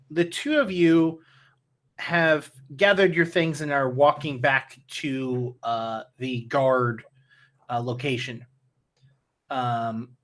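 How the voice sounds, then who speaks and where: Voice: mid-range voice, a bit bright. A game master narrates a tabletop game, stopping and restarting often and filling the gaps with "uh" and "um". The voice sits in the middle range. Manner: halting, with many fillers.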